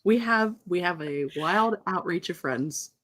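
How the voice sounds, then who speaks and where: A woman's voice: lowish voice, animated, a little slow, fairly bright tone. A woman in casual chat, dropping short dry quips.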